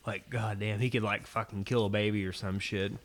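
A man's voice: on the low side, flat delivery, fairly quick. A man co-hosting a casual podcast, rambling enthusiastically and swearing a lot. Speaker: podcast co-host. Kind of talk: casual chat.

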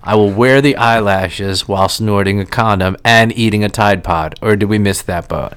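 A man's voice: fairly low pitch, moderate pace, a bit bright, clean tone. A man co-hosting a podcast, chatting casually and crudely, rambling and joking with frequent laughs. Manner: rambling, jokey, laughs often. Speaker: podcast co-host. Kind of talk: casual crude comedic chat.

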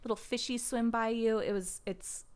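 A woman's voice: on the high side, steady tone, normal speed, smooth. A young woman co-hosting a podcast, chatting casually and rambling with lots of filler words. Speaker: podcast co-host. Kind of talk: casual chat.

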